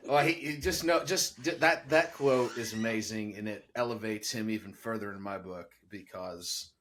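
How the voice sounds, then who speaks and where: A man's voice: lowish voice, moderate pace, a bit bright, a little hiss or hum. A man from the Upper Ohio Valley hosts a podcast and talks with earnest enthusiasm. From Upper Ohio Valley, USA. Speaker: podcast host. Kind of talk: casual interview chat.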